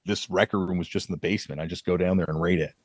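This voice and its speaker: A man with a fairly low voice hosts a podcast in loose, casual conversation. He tells long, rambling anecdotes and breaks into laughter easily. The sound is dry and close, with little room in it. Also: fairly even intonation, racing, no echo. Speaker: podcast host.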